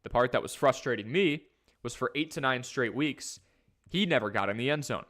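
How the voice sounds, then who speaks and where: A man hosting a live fantasy football stream, talking casually and energetically while he reads from the chat. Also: mid-range voice. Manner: energetic, conversational, talks fast in bursts. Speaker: fantasy football livestream host.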